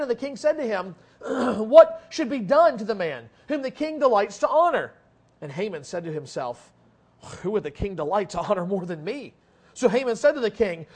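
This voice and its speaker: A man preaching a sermon, reading scripture dramatically with strong emphasis and explaining it in conversational asides. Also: high voice. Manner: conversational asides with small restarts.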